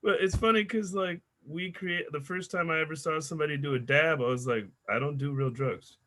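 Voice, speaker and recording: A man's voice: on the high side, a little fast, bright, forceful tone. A middle-aged man hosting a comedy show over a video call, crude and loose as he banters and introduces acts. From Seattle area.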